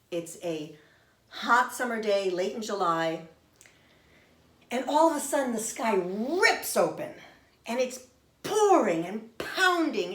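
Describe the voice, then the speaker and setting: A middle-aged woman telling a personal story in an expressive, animated way. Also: medium pitch. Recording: roomy echo.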